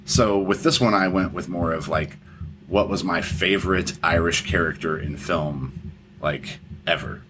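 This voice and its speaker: Deep-voiced man rambling about films. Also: unhurried, background noise. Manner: rambling, repeats words, swears casually. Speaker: podcast co-host. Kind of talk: casual film discussion.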